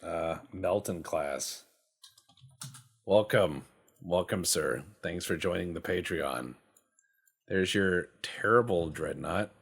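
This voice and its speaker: Deep husky gaming host. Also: male voice, takes it slowly, fairly bright tone. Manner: rambling, joking, swears freely. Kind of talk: casual gameplay commentary.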